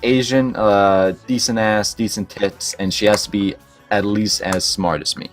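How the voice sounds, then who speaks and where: A young Canadian man whose speech carries a Boston-like East Coast edge, speaking in a fairly low register. He rambles through crude, casual banter and laughs often. Faint music plays underneath. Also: fairly even intonation, unhurried. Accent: Canadian, Boston-like East Coast tinge. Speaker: livestream co-host. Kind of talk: casual chat.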